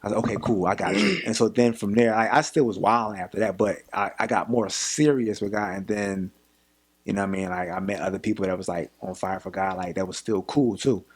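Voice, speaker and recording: Animated man telling a street story. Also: on the low side, a little fast, slightly rough. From Philadelphia. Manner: animated retelling, acts out quoted voices. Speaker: podcast guest. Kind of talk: casual storytelling.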